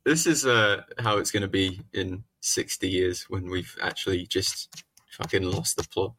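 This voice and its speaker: A man's voice: low voice, fairly even intonation, unhurried, fairly bright tone, slight background noise. A man co-hosting a comedy podcast, irreverent and rambling, swearing with lots of fillers. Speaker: podcast co-host. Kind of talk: casual comedic chat.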